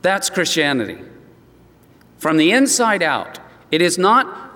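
Man, pastor, sermon, earnest storytelling, fairly high voice, reverberant hall. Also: big pitch swings, slow pace, sharp tone. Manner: earnest storytelling with frequent restarts.

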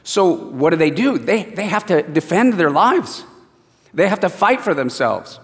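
A man preaching a sermon and reading scripture, an animated storyteller who acts out the voices. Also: sits high, unhurried, in a large hall.

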